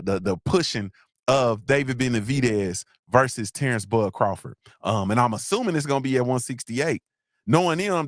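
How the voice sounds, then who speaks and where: Animated, profane podcast host man. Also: medium pitch, no room sound, clean studio sound. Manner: animated, profane, rambling with restarts. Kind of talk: casual solo podcast talk.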